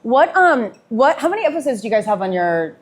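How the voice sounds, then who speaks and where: A woman's voice: fairly high pitch, very animated, brisk. Chatty woman moderating a panel. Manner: chatty, loose questions with restarts. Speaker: radio host moderating the panel. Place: convention panel room.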